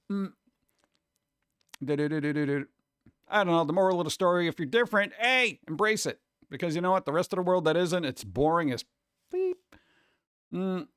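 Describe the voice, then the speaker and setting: A man chatting casually on a live stream, rambling and animated, jumping between topics and slipping into mocking voices. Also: sits high, smooth, no room sound, clean studio sound.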